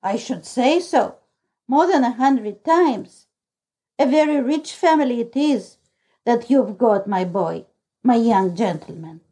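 A woman's voice: on the high side, expressive, slow pace, warm tone, slightly rough, heavily acted. A woman reader voicing a deaf, gossipy old female lodging-house keeper who exclaims dramatically, in a storybook reading. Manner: exclaiming, throws up her hands.

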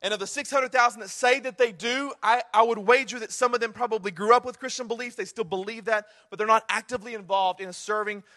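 A man's voice: high-pitched, fairly even intonation, fast, hardly any pauses, bright, forceful tone. A man preaching a sermon, conversational and humorous with earnest, impassioned stretches. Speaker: pastor.

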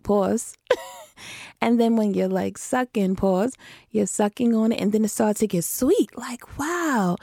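A woman's voice: mid-range voice, moderate pace, creaky, warm tone, no room sound, studio quality. A woman in her thirties from the northern US, hosting her own podcast in a chatty, slangy, confiding way, laughing often. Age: 30s. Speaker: podcast host. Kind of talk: casual solo podcast chat.

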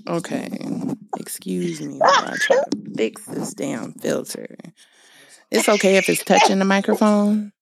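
A woman's voice: mid-range voice, big pitch swings, a little slow, creaky, dry recording, clean studio sound. A woman hosting a podcast, chatting casually and bossing her family around while she tests her microphone. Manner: chatty, laughing, bossy with family. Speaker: podcast host.

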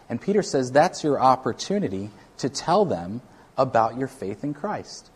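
A man delivering a sermon in a relaxed, conversational way, as if talking with the congregation. His voice sits at an ordinary middle pitch. He often circles back and restarts his sentences. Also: normal speed, husky. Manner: conversational preaching with frequent restarts. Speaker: pastor.

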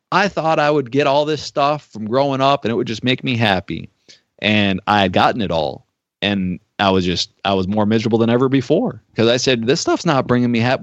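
Male preacher, mid-pitched, conversational sermon delivery, dry close recording. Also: dry recording. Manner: conversational storytelling with frequent "uh" fillers. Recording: dry, dull-sounding recording.

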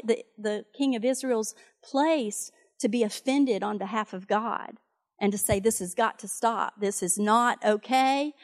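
Woman preacher, fairly high voice, chatty storytelling sermon, frequent asides. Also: darkish tone. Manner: conversational storytelling with fillers and asides. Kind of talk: sermon retelling a Bible story.

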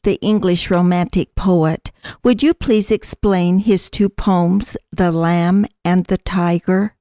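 Slow, mellow-voiced woman podcast host. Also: on the low side, dry recording, clean studio sound. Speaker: podcast co-host and poetry reader. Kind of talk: scripted podcast reading.

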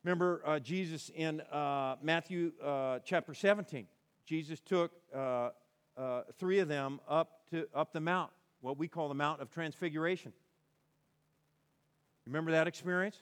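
A male pastor preaching a conversational sermon, animated and acting out quoted lines in between. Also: on the high side, moderate pace, smooth.

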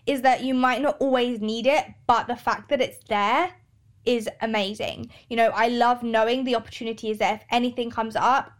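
A young woman hosting a podcast, talking candidly and emotionally, swearing often. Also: a little high. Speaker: podcast host. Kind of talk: casual monologue.

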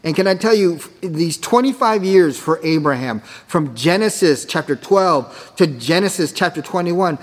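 A man's voice: a little high, expressive, moderate pace, few pauses. A man preaching a sermon as pastor, emphatic, with rhetorical questions. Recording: echoey hall with long reverb.

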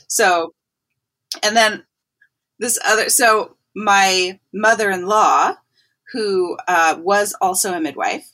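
A woman hosting a podcast, telling stories in casual chat in a quick, emphatic, animated way. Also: mid-range voice. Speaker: podcast host.

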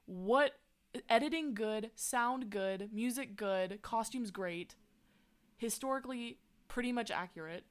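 A woman's voice: on the high side, unhurried. A woman co-hosting a casual movie review chat, enthusiastic and emphatic. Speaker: podcast co-host.

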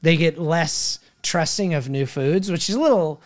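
A man's voice: fairly high pitch, moderate pace. A man in his thirties co-hosting a podcast, talking candidly and jokingly about his kids, swearing now and then. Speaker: podcast co-host. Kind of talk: casual chat.

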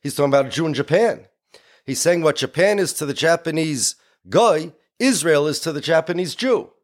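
A man's voice: fairly high pitch, lively intonation, moderate pace. Emphatic man lecturing. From United States. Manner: emphatic and explanatory, with many Yiddish and Hebrew words. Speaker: speaker.

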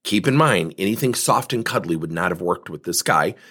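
The voice is low, fairly quick, and slightly rough. A man coaching on sales, he tells stories with lively energy and performs both sides of the conversations.

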